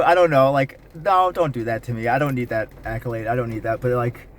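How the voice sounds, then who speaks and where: A man's voice: mid-range voice, moderate pace. A man talking candidly to camera in a casual personal vlog, rambling with frequent fillers and restarts. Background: faint rain.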